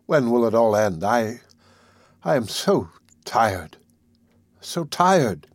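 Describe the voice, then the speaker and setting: A frail, weary young woman with a soft, tearful, pleading voice, as a male narrator voices her. Her lines sit at a middle pitch and sound close and dry, with no room sound. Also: big pitch swings, slow pace, no echo, heavily acted.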